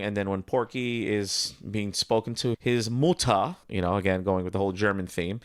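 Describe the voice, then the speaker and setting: Lowish-voiced guy rambling thru a cartoon commentary, dry close sound. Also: fairly bright tone, dry recording. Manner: chatty, digressive. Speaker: host.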